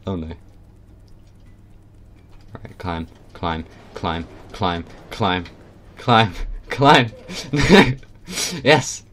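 A man hosting a casual gameplay video, excitable and constantly giggling as he plays. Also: low-pitched, very slow, pauses often. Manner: giggly, excitable, laughs a lot. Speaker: gaming channel host.

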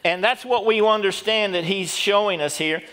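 A middle-aged pastor delivers a sermon in a fairly high voice. He talks straight to the congregation and has them say words back to him. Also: normal speed, a bit bright, smooth. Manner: preaching with call-and-response to the congregation.

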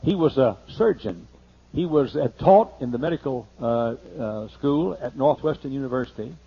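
A man pastor telling a humorous, folksy story during a sermon, slowing down to list items one by one. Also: mid-range voice, animated, vocal fry, slightly rough. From United States. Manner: folksy and humorous, lists things slowly. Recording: muffled older sermon tape.

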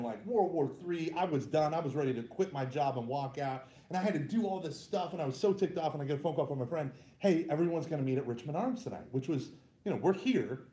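A man's voice: on the high side, echoey room. A man, telling funny self-mocking stories to a group as a youth minister. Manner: self-deprecating, animated, laughs at own stories. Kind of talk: humorous personal storytelling talk.

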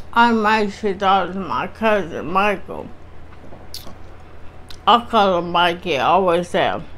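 A woman vlogger telling a casual storytime, talking in a slow, halting way and often restarting her sentences. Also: medium pitch.

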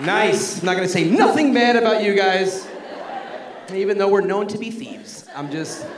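Male stand-up comic, high lively voice, mocking, echoey live club with loud crowd. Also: moderate pace, heavy background noise. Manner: animated, mocking. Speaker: stand-up comedian. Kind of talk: stand-up comedy. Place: comedy club with audience.

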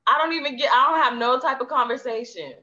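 A woman's voice: sits high, quick pace, sharp tone. A woman co-hosting a podcast who talks bluntly in casual chat and laughs as she speaks. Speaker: podcast co-host. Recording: dull lo-fi sound.

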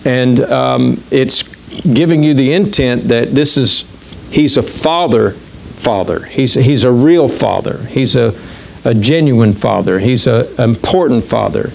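A middle-aged pastor with a medium-pitched voice and some vocal fry gives a sermon in church, speaking conversationally and haltingly, full of fillers and restarts.

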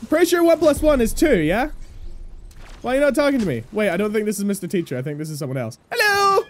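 Excitable high swearing young gamer woman. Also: quick pace, a little hiss or hum. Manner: excitable, swears a lot, laughs often. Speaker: gameplay streamer. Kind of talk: gameplay commentary.

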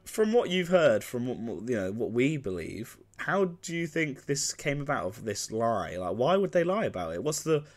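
A young man hosting a mock radio interview, deadpan and halting with lots of restarts. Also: mid-range voice. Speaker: interviewer host.

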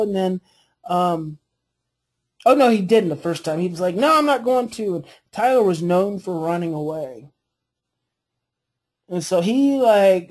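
A woman coaching a parenting class, explaining earnestly and modeling calm phrases to say. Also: mid-range voice, husky.

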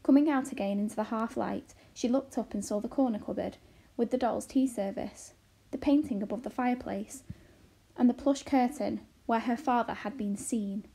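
Woman, teacher, reading a children's novel aloud, careful, mellow, fairly high. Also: creaky, slightly rough. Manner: slow, careful reading with self-corrections.

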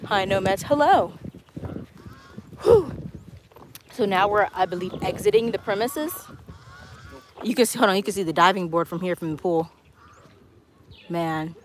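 A woman's voice: mid-range voice, lively intonation, unhurried, long pauses. A woman hosting a travel vlog live stream while walking outdoors, chatting casually and reading viewer comments aloud. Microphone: handheld phone camera. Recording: noisy outdoor phone audio.

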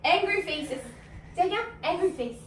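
Playful teacher, very high voice. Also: female voice, lively intonation, measured pace. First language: Korean. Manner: playful, acts out emotions with exaggerated voice. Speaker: English teacher of kindergarten children. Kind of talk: animated classroom teaching. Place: classroom with small children. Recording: echoey room, voice from a distance, faint noise.

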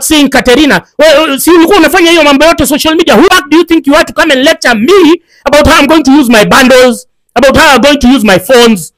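A woman's voice: high voice, dry recording, poor audio. A woman with a Kenyan accent delivering an angry, insulting political rant, mixing in Swahili and swearing often. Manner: furious, insulting, profane, mixes English and Swahili.

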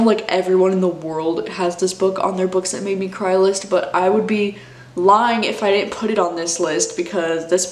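A woman in her twenties, a book vlogger, chats casually in a medium-pitched, slightly mellow voice with a roomy sound. She gushes emotionally and peppers her speech with "like" and "dude."

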